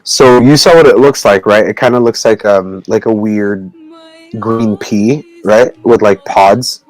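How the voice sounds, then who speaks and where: A man talking slowly on a video call, stopping and restarting with lots of fillers as he explains words. He laughs often between phrases, and his voice sits dry and close with no room around it. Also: on the low side, no room sound, faint music behind, poor audio. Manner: halting, rambling, many fillers and restarts. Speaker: co-host teaching Tagalog words. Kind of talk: casual chat on a video call.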